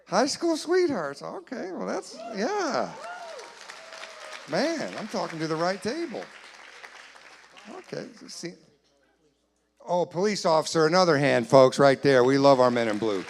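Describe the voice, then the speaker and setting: A man doing comedy crowd work in a church hall, teasing audience members in quick banter. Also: a little high, very animated, creaky, a little hiss or hum. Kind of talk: live stand-up crowd work.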